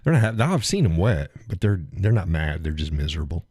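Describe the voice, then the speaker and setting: A man's voice: rumbling low, a little fast, mellow, breathy edge, no echo, clean studio sound. A man hosting a live stream, chatting casually with viewers in a rambling, folksy way and chuckling often.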